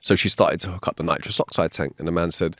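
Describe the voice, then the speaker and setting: A man's voice: low-pitched, fast talker, no echo, clean studio sound. A man co-hosting a casual podcast, reading jokes aloud and voicing the characters in them. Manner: reads jokes with voiced characters, animated. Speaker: podcast co-host. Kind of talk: casual joke-telling chat. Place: home studio. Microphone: wireless clip-on mic.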